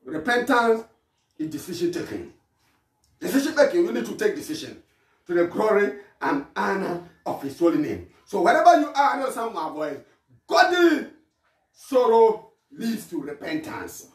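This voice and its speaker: High-voiced impassioned preacher man. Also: very animated, normal speed. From Ghana. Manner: impassioned preaching, repeats phrases, shouts calls to repent. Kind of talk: sermon. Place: church hall. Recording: echoey hall from far off.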